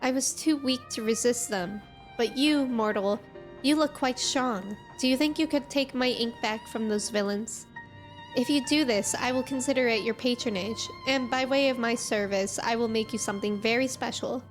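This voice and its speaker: A woman's voice: fairly high pitch, moderate pace, faint music behind, close to an everyday voice. A woman reading aloud the part of a weakened fae artisan who asks a mortal for help, in a formal, pleading manner. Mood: formal plea. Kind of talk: reading game dialogue aloud.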